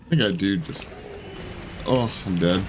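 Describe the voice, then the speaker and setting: A man's voice: low voice, measured pace, slight background noise. A man giving casual gameplay commentary, chatty and self-deprecating as he thinks aloud about his moves. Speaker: gaming YouTuber.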